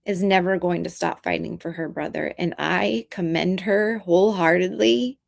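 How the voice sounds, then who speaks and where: A woman vlogger talking in an earnest, halting, emotional way in casual commentary. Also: lowish voice, fairly even intonation, creaky.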